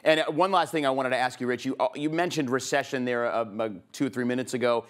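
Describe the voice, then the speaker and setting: A man's voice: mid-range voice, steady tone, quick pace. A man hosting an interview, friendly and conversational, laughing easily with his guest. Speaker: host. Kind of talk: hosted interview and sign-off.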